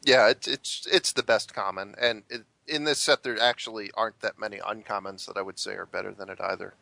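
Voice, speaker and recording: A man speaks as a podcast guest in a measured way, often restarting his sentences. His low voice has a bright, forceful edge. The recording is dry and close. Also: fairly even intonation, vocal fry, no room sound. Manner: measured, with frequent hesitant restarts. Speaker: podcast guest, professional card player. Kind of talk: casual interview chat.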